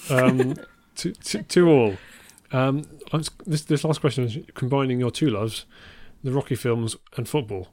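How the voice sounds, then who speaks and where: A man's voice: mid-range voice, normal speed, darkish tone. A man co-hosting a casual podcast and running a quiz, chatty and playful, laughing often. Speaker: podcast co-host, quizmaster. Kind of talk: casual chat.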